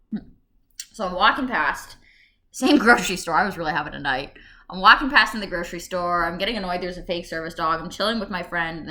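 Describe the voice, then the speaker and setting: A woman in her twenties telling funny stories in a casual vlog, chatty and self-mocking, breaking into sudden shouted tics. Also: fairly low pitch. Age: 20s. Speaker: vlogger. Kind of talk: casual storytelling monologue. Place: home room.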